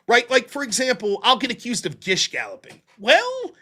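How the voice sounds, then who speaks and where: A high, lively male voice from Pittsburgh, talking fast and loud with plenty of swearing. The tone is bright and sharp. He is a middle-aged guest who talks in a fast, animated way. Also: slightly rough. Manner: fast, loud, profane talker. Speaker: guest debater. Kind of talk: casual conversation.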